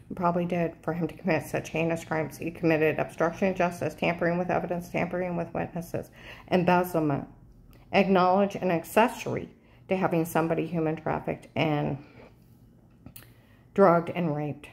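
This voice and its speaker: Woman vlogging to camera, fairly low voice, urgent and insistent, voice leaps up when worked up. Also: level tone, moderate pace, creaky, darkish tone. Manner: urgent, insistent, with repeated rhetorical checks; pitch jumps sharply when agitated. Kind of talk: direct-to-camera monologue.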